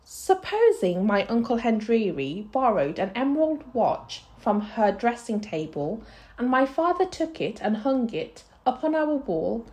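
A woman's voice: fairly high pitch, big pitch swings, measured pace, mellow. A woman voicing a small, proud and stubborn girl borrower in a storybook read-aloud, speaking in an indignant, insistent way. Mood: earnest.

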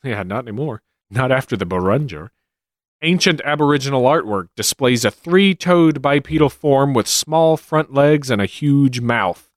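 A man's voice: mid-range voice, animated, normal speed, dry recording. A man co-hosting a casual podcast, reading sighting reports with dry joking asides. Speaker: podcast co-host.

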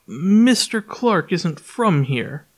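A man voicing a cautious middle-aged priest who speaks slowly and carefully. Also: high voice, very animated, voice pushed up, heavily acted.

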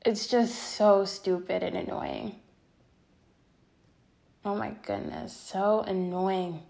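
A woman's voice: mid-range voice, flat delivery, slow pace, gravelly, warm tone. A woman in her twenties telling a personal story to her viewers, venting with frequent swearing and filler words. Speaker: storytime vlogger.

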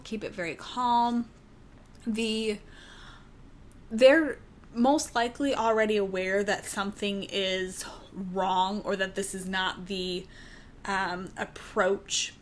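A woman giving calm, reassuring parenting advice in a casual talk to camera, with many "um" fillers and restarts. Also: mid-range voice, a little hiss or hum.

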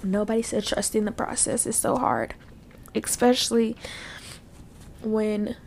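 A woman talks slowly into a podcast mic, her voice gravelly and creaky. She is teary and worn out from crying. She vents frankly and bluntly, swearing often and trailing off into fillers. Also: medium pitch. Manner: frank, profane and frustrated, with many fillers. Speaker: podcast host. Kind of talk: casual solo podcast venting. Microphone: podcast microphone.

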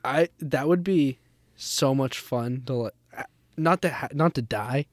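A man's voice: medium pitch, a little slow, dry recording, clean studio sound. A young man co-hosting a casual podcast with his brother, teasing him and laughing often. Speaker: podcast co-host. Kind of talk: casual chat between brothers.

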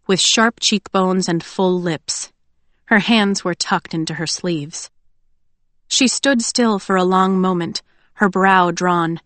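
A woman narrates an audiobook in an expressive storytelling style. Her voice sits low and is recorded dry and close, with no room sound. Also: no room sound. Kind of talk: scripted narration.

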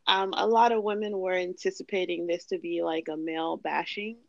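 Podcast host: a chatty, expressive woman, dry and muffled. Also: on the low side, gravelly, no room sound. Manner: chatty, expressive, quick to laugh. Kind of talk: casual chat.

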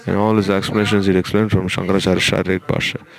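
A man telling a devotional story in a slow, halting way, with frequent restarts. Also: low voice, flat delivery, gravelly.

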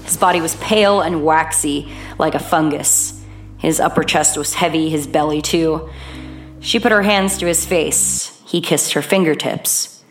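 A woman reads an audiobook in a low, measured voice. Her delivery is even and deliberate. Soft music runs faintly beneath her. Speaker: audiobook narrator. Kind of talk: audiobook narration.

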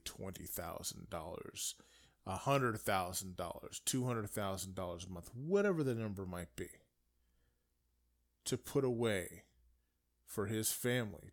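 A man delivering an indignant political rant, swinging between raised outbursts and low muttering asides. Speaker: political commentator. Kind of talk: ranting monologue.

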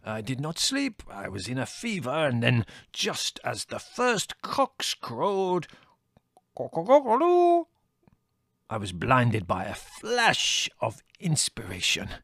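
A man's voice: mid-range voice, wildly swooping pitch, vocal fry, pushed and bright, slightly rough, no echo, studio quality, full character voice. A man putting on a wailing café owner. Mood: dramatic. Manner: theatrical, wailing, slow and drawn out. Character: melodramatic Greek male café owner, despairing.

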